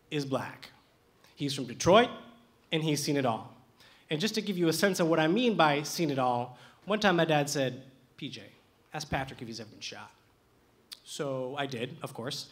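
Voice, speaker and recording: A young man telling a true personal story live on a stage, lively and animated with comic timing. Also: a little high, moderate pace. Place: theater stage with audience.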